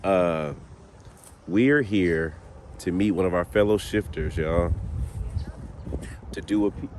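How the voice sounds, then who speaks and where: A man hosting a casual paranormal vlog outdoors at a cemetery, his voice jumping up whenever he gets excited. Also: low-pitched, measured pace. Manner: excitable, voice jumps up when excited. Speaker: host. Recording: outdoor street noise behind.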